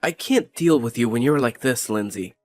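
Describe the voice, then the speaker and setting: A man's voice: mid-range voice, expressive, faint music behind, close to an everyday voice. A man playing a callous, blaming husband. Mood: irritated. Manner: cold, scornful, quick to blame. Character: callous dismissive young husband.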